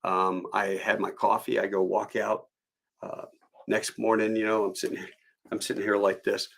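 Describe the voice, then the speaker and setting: Gravelly-voiced man spinning rambling stories on a live stream, chuckling as he goes. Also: lowish voice, little pitch movement, moderate pace, fairly bright tone. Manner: rambling anecdotal delivery with chuckles. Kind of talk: storytelling.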